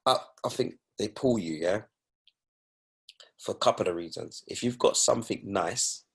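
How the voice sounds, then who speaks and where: Low gravelly husky young man. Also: moderate pace. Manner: emphatic, indignant storytelling. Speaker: guest DJ. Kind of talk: casual chat.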